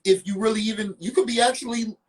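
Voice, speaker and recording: A man's voice: sits high, fairly even intonation, fast talker. A man guesting on a casual hip-hop podcast who talks emphatically and often repeats himself mid-thought.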